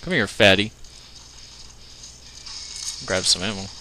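A man giving joking, goofy let's play commentary, yelling when the fighting heats up. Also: low voice, expressive, takes it slowly, a little hiss or hum. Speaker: gaming commentator.

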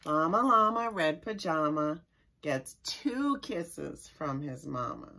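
A woman, a children's librarian, reads a picture book aloud to young children in an expressive, sing-song way and stops now and then to explain words. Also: low voice, slow. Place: library story time recorded for online viewing.

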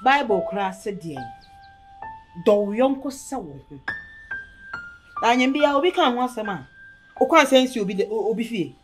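An actress playing an indignant Ghanaian woman in a drama, fed up with a guest who has overstayed. She speaks emphatically and scolds. Her pitch swings widely from line to line. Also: big pitch swings, moderate pace, pauses often, music in the background. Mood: scolding. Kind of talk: dramatic dialogue.

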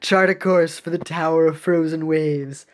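A woman's voice: low voice, fairly even intonation, moderate pace, lightly acted. A woman voicing a stern, proud cookie navy captain who gives dry, commanding orders while she reads game cutscenes. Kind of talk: reading game cutscenes aloud.

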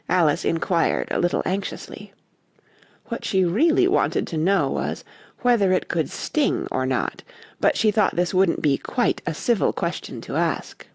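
Animated husky woman narrating a storybook. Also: on the low side, moderate pace, dry recording. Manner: expressive, animated reading. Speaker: audiobook narrator.

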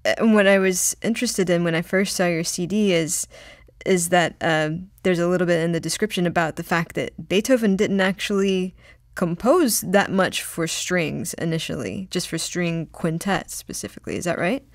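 A woman's voice: lowish voice, normal speed, no room sound, studio quality. A woman hosting a classical music podcast, upbeat and laughing easily as she introduces and questions her guest. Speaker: podcast host. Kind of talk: scripted intro then interview chat.

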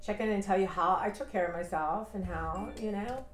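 A woman in her fifties talks through her thoughts in a loose, rambling vlog. Her manner is reflective and heartfelt, at an average pitch. The sound carries a roomy echo with faint ambient noise. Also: fairly quick. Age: 50s. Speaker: vlogger. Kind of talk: casual personal vlog.

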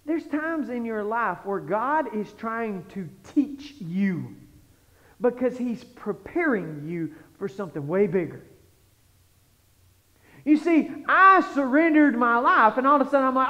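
Animated preacher in echoing sanctuary. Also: male voice, high voice, moderate pace. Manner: animated storytelling, swings from hushed to shouting. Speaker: pastor. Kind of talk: sermon. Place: church sanctuary. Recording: lo-fi sound with long hall reverb.

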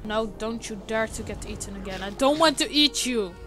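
A woman giving let's play commentary over a game she hosts, swearing a lot and often breaking into shouted, frustrated outbursts. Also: a little high, normal speed, over music. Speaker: gaming video host.

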